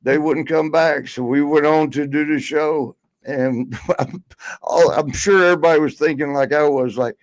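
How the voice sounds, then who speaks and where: A man's voice: on the high side, steady tone, normal speed, no room sound, low-quality recording. A man telling a long road story in casual podcast chat, rambling with many fillers. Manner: rambling, lots of fillers and laughs. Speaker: podcast guest.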